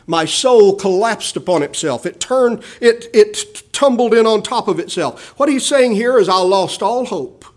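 A male preacher giving a sermon with dynamic swells and hushed drops, often calling his listeners beloved. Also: high voice, expressive, unhurried, hardly any pauses.

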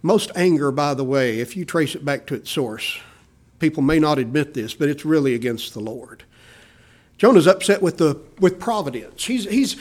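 Male pastor, sermon, animated, voices quoted people, fairly high pitch. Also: normal speed. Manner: animated preaching, voicing quoted people with rises in pitch and volume.

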